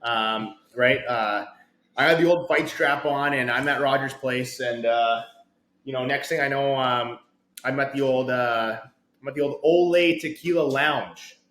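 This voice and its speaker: Rambling man, roomy echo. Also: measured pace. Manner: animated, acts out quotes with big pitch swings, many fillers. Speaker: podcast co-host. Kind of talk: rambling storytelling chat.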